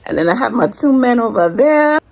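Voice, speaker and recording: Caribbean mom in her 30s, teasy and laughy, bouncy high voice, filming on her phone at home. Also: animated, a little fast, darkish tone. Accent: Caribbean English. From Caribbean, born in Jamaica, grew up in Anguilla. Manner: playful teasing, laughs often. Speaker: vlogger and mother. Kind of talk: casual family vlog. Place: at home indoors.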